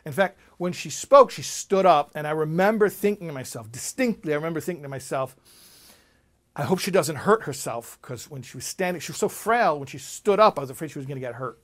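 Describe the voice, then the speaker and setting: An animated male speaker with a high voice, telling a story to his listeners. He often repeats words when he gets going, and he shifts between loud bursts and quiet asides. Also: fast, few pauses. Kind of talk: storytelling talk.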